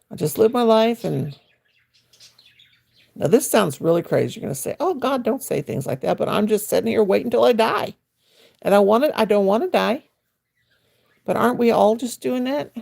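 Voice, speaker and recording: A woman's voice: mid-range voice, vocal fry, darkish tone. An older woman, chatting folksily on her crochet livestream from her chair at home, answering viewers' comments. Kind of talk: casual livestream chat.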